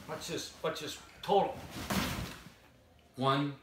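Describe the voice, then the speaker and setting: A man's voice: fairly high pitch, steady tone, slow, background noise. A man hosting a casual live chat, playful and teasing, with theatrical mock complaints. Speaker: tiny home builder and show host. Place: large warehouse. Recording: echoey warehouse, far from mic.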